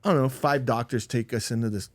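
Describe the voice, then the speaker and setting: A man's voice: mid-range voice, fast talker, dry recording. Middle-aged guy on a podcast telling his story, rambly, says like a lot, dry close sound. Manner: rambling, emotional, peppered with "like". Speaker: podcast guest. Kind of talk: casual conversational storytelling.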